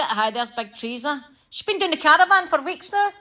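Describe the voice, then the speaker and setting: A woman's voice: high-pitched, expressive, a little fast, bright, forceful tone. A woman giving sweary, sarcastic running commentary on a livestream, mimicking the people she mocks. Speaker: livestream co-host.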